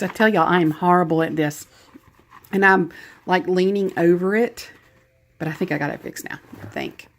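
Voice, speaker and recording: Her voice is lowish and creaky, with a Southern US accent. She casually unwraps a craft gift package, gushing about it, chatting freely, and laughing at herself.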